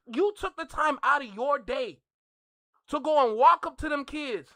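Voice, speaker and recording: A man with a Toronto accent reacts on camera in casual commentary. He sounds heated and incredulous, and he repeats his points. His voice is bright and forceful, with a dry, close sound and no room echo. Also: very high voice, measured pace. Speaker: reaction video host.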